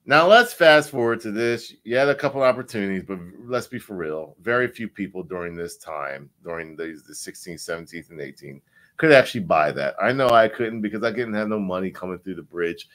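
A man casually breaking down crypto price charts, animated and repetitive, swearing now and then. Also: fairly quick. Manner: animated, repetitive, swears, sweeps between loud and low.

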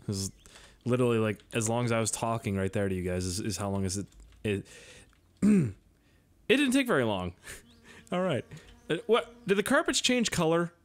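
A man giving excitable, jokey gameplay commentary full of swearing, sounding a bit tipsy. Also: mid-range voice, moderate pace, long pauses. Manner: excitable, profane, jokey, yelps and laughs at the game. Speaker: gaming video host.

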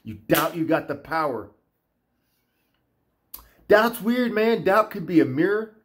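A man ranting in a casual vlog, animated and profane, often repeating himself. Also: on the high side, takes it slowly. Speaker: vlogger. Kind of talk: casual rant.

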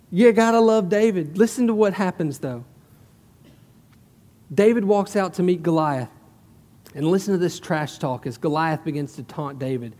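A male pastor preaches a sermon in a relaxed, storytelling way, leaning on emphatic asides. His voice is fairly high, and it rings out through a church sanctuary with a long reverb tail. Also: moderate pace, long pauses.

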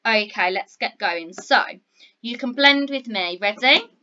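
A woman teaching phonics to young children, encouraging and clear, sounding out words slowly. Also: on the high side, animated, pushed and bright, dull audio. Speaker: primary school teacher.

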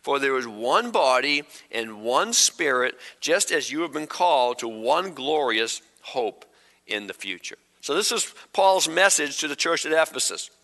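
A middle-aged pastor preaching a sermon, conversational, with quick humorous asides. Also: male voice, medium pitch, very animated, pushed and bright. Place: church sanctuary. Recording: long hall reverb.

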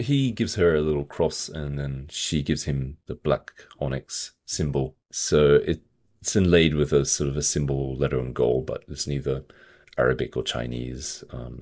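A man's voice: rumbling low, lively intonation, moderate pace, darkish tone. A man hosting a casual book podcast, loosely recapping a plot with lots of hedging fillers. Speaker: podcast host.

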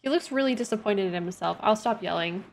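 A woman's voice: medium pitch, expressive, brisk, gravelly, slight background noise. A young woman chatting casually as she plays a game on stream, talking to her characters and her viewers. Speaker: gaming streamer. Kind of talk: casual gameplay chat.

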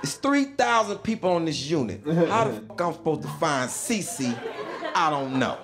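A man's voice: fairly high pitch, very animated, moderate pace, crowd noise. A stand-up comedian telling a prison story in a laid-back drawl, acting out other people's lines and laughing at his own. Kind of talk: stand-up storytelling over animation.

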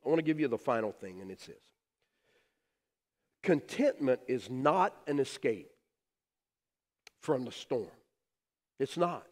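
Lively, high-pitched male pastor preaching. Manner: animated storytelling, swings from loud emphasis to soft near-whispers. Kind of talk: sermon. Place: church sanctuary. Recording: long hall reverb.

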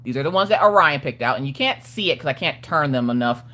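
A woman's voice: low voice, lively intonation, fast, pushed and bright. A woman hosting a casual crafting livestream, greeting viewers by name and reading their comments aloud with a playful, laughing manner. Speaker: livestream host of a crafting chat.

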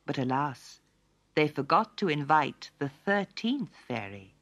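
A woman narrating a fairy tale for children in an expressive, lilting storytelling manner. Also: low voice, measured pace.

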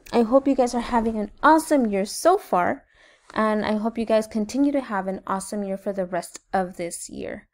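A kindergarten teacher, a woman, warmly reading a picture book aloud to her class in an upbeat, expressive way. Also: fairly high pitch. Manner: upbeat, expressive, voices characters loudly.

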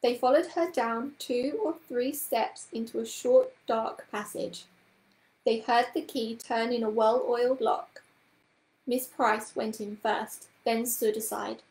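A woman storyteller reading a children's book aloud with a gentle, expressive manner. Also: fairly high pitch, takes it slowly, reverberant, poor audio.

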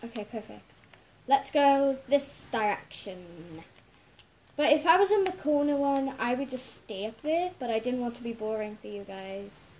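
A woman's voice: on the high side, expressive, a little slow, darkish tone, slight background noise. A woman hosting a casual gaming video, giggling and chatting straight to her viewers as she plays. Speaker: gameplay video host.

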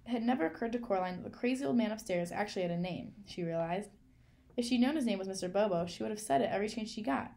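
Woman storybook reader, measured and clear, mid-pitched with some vocal fry. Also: mellow. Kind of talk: storybook read-aloud.

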